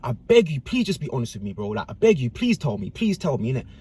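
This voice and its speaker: A man's voice: mid-range voice, sing-song, fast talker, warm tone, husky. A man voicing a frantic young man, who pleads and repeats himself. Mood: pleading. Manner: pleading, repetitive, agitated.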